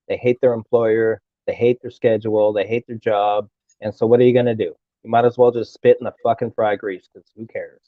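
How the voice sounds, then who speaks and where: A man's voice: lowish voice, level tone, a little fast, no echo, narrow, tinny audio. A man chatting casually, blunt and opinionated, swearing freely. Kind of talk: casual chat.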